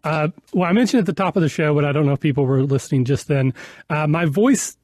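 A man's voice: a little high, fast, darkish tone, no echo. Chatty man with a weak voice. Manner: chatty, self-deprecating, laughs often. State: weak, slightly off voice from a cough. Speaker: podcast host. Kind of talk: casual podcast chat.

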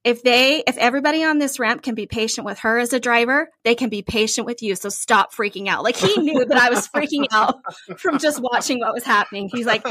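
A woman co-hosting a podcast, telling a story in a casual, animated way, peppered with "like" and playful bragging. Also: fairly high pitch, brisk, breathy edge, no echo, studio quality. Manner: animated, lots of "like", playful self-praise. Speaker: podcast co-host.

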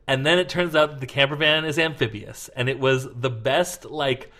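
A man's voice: mid-range voice, fairly even intonation, moderate pace, bright, forceful tone. A man talking as a podcast co-host in casual chat, rambling and full of fillers as he tells stories. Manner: rambling, filler-heavy storytelling.

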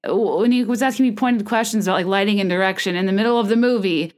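A woman in her thirties talks alone into a microphone, rambling through funny stories about herself. Her telling is animated and self-mocking, with quick asides and little restarts. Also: mid-range voice. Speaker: podcast host. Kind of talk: solo comedic podcast monologue. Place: small room. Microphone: studio microphone.

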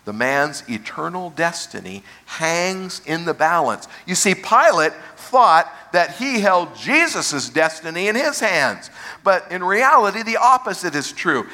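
Pastor, male, preaching a sermon; brightish, somewhat high voice that slows to stress key phrases. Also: very animated.

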